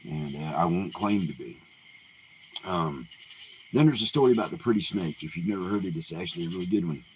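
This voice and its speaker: A man casually retelling folk tales in an unhurried, folksy way, full of fillers and restarts. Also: deep voice, lively intonation, a little hiss or hum, poor audio. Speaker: live Q&A host. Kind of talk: casual oral storytelling.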